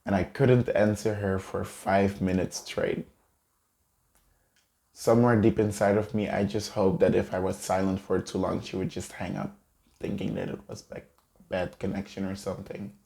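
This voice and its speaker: A young man telling a personal story in a halting, choked-up way, close to tears. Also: low voice, level tone, gravelly, dark tone. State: tearful. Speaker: vlogger. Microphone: camera mic, seated in a chair.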